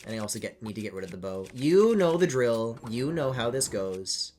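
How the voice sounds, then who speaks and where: Rambling, animated male streamer. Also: mid-range voice, moderate pace, a little hiss or hum. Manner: rambling, swearing, sudden excited squeals. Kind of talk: casual live-stream commentary. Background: game music.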